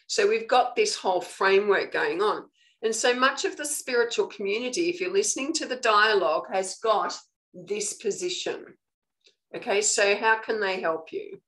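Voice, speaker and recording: A woman with an Australian accent giving a live online spiritual lesson. She coaches earnestly and keeps checking in with her listeners with a quick "okay". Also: mid-range voice, fairly bright tone, rough recording. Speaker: spiritual teacher.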